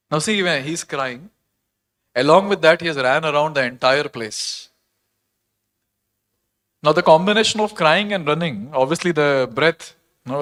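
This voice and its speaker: Earnest man telling a sacred story. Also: fairly high pitch. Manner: earnest, animated, questions the audience. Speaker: temple speaker. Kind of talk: devotional storytelling lecture.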